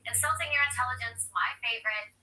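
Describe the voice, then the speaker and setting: A woman explaining body language in a TV interview. She talks in a lively way and acts out her examples in quoted voices. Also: on the high side, fast, echoey room, far from the mic, low-quality recording. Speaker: body language expert guest on TV. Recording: TV speaker heard across a room.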